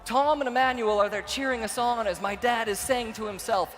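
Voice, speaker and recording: A young man giving a storytelling keynote speech to a conference audience in a large hall, going from quiet narration to shouted excitement. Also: high voice, fairly quick, hardly any pauses. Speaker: keynote speaker. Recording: reverberant hall with faint ambience.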